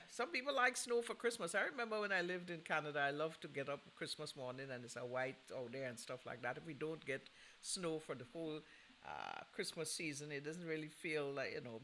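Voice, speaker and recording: A man's voice: fairly high pitch, sharp tone, slight background noise, rough recording. A man hosting a holiday music show, chatting casually and teasing listeners. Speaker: radio show host. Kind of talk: casual chat between records.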